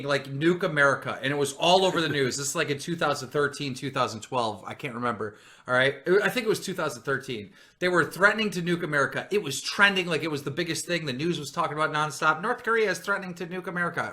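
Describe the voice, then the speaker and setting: Brash, bright-voiced man boasting. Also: a little high. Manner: brash, boastful, punctuates with "right?" and "okay?". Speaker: host. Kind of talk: casual chat.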